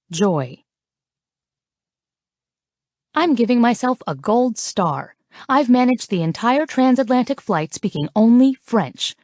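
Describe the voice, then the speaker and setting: A woman's voice: medium pitch, a little mellow, no room sound, clean studio sound. A woman narrating a first-person romance audiobook in a playful, flirty, teasing way, as if recorded in a booth.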